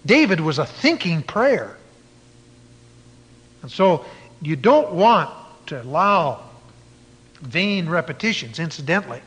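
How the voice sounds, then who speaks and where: A man's voice: on the high side, a bit bright, husky, big-room sound. A man preaching a sermon in an emphatic way, at times spelling words out letter by letter.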